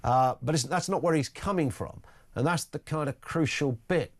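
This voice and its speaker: A man's voice: a little high, normal speed. A British man hosting a talk radio phone-in, musing bluntly and conversationally with jokey asides. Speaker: radio talk show host. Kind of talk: opinion monologue and phone-in. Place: radio studio.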